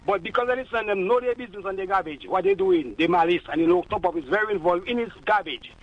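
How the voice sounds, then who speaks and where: A Dominican man calls in to a radio show, rattling off fervent, rambling political praise in a high voice. He talks fast and keeps circling back to his catchphrases. The line sounds dull and lo-fi, with a dry, close sound. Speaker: radio caller. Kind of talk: call-in political commentary.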